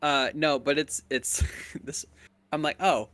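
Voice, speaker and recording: A man's voice: on the high side, level tone, slow pace, bright, forceful tone, no room sound. A man streamer chatting casually, swearing freely and laughing often. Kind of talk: casual chat.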